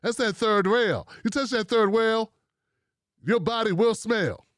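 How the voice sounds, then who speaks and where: A man's voice: high-pitched, measured pace, a bit bright, dry recording, studio quality. A man hosting a commentary show, talking casually and mockingly and repeating himself for effect.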